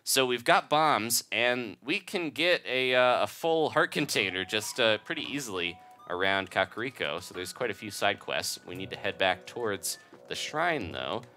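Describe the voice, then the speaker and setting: Male gameplay host, casual jokey commentary, lowish voice with lively ups and downs, faint game music. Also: moderate pace, hardly any pauses. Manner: chatty, jokey, laughs easily.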